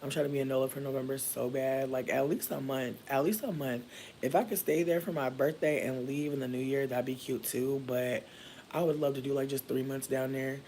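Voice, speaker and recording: A man from Michigan chatting casually with viewers while doing his hair, playful and profane, with sudden jumps into high squeals. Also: steady tone, brisk, darkish tone, slight background noise. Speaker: livestreamer.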